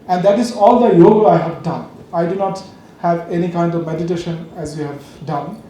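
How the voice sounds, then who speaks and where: A calm, dutiful housewife explains herself gently and plainly, as a man voices her in a storytelling lecture. The voice is high and soft in color. Strong echo hangs around it. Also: brisk, a little hiss or hum, natural voice. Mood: gentle. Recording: very echoey room.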